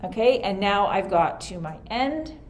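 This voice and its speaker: A woman's voice: medium pitch, expressive, unhurried, a little hiss or hum. Woman music teacher, casual think-aloud lesson, computer mic. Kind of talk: screen-recorded lesson. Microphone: computer mic for a screen recording.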